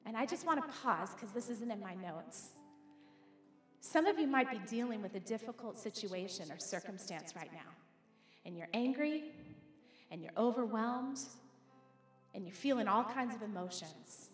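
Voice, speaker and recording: Faint music sits behind a middle-aged woman pastor whose somewhat high, expressive voice moves at a moderate pace. She talks straight to the congregation in a conversational, emphatic sermon, and the church auditorium adds a long, echoey reverb.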